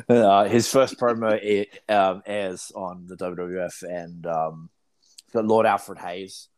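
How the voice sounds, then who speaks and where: A man co-hosting a podcast, telling stories in an animated way and swearing freely in casual chat. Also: sits low, takes it slowly. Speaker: podcast co-host.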